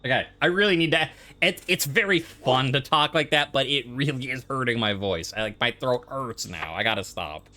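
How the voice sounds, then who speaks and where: A man's voice: mid-range voice, animated, normal speed, hardly any pauses, pushed and bright. Guy rambling while he plays a game, jokey asides, voice jumps around a lot, hissy background noise. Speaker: game player. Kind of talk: casual let's-play commentary.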